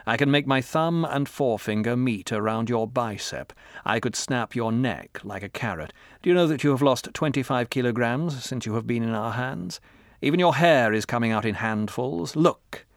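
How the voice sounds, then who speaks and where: A man's voice: medium pitch, moderate pace, dry recording, studio quality, close to an everyday voice. A man voicing a cold, cruel interrogator. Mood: contemptuous, commanding. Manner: harsh, commanding, contemptuous. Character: cold menacing male interrogator, middle-aged, controlled. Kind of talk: audiobook character reading.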